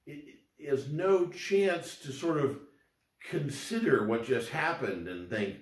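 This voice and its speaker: A man's voice: medium pitch, animated, unhurried, roomy sound. A man lecturing casually on law, rambling with frequent fillers and restarts.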